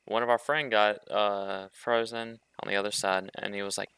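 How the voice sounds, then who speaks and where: A man's voice: fairly low pitch, level tone, normal speed, fairly bright tone, smooth. A young man co-hosting a podcast, telling stories in a laid-back, joking way. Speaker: podcast co-host. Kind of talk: casual chat.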